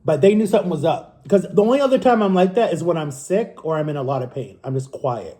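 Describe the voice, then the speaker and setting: A man in his thirties talks straight to camera, rambling and candid, often stopping to correct himself. His voice sits a little high for a man, with a warm, mellow tone. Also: animated, fast talker. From Florida. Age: 30s. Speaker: vlogger. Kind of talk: casual storytelling to camera. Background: eating on camera.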